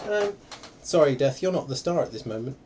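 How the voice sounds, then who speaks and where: A man co-hosts a livestream and runs a game, explaining a board game in a playful, joking way. His voice is brisk with a breathy edge, and his delivery is chatty and jokey, with lively swings in pitch.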